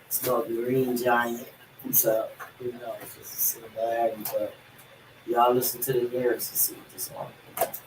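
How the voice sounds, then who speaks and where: A man hosting a casual podcast, talking in a relaxed way with fillers and calling his listeners y'all. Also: mid-range voice, normal speed, noisy background. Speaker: podcast host. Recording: echoey room, mic at a distance, faint music.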